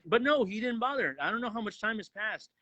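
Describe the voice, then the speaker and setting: A man co-hosting a casual movie review podcast, talking excitedly with lots of swearing and acting out lines. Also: sits high, a little fast, no room sound, highs cut off. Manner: excited, profane, acts out quotes.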